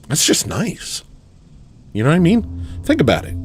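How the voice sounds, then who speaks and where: A man's voice: huge pitch swings, normal speed, pauses often, soft background music. Man in a mock-earnest, rambling satirical monologue. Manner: mock-earnest, rambling, with sudden swings in pitch.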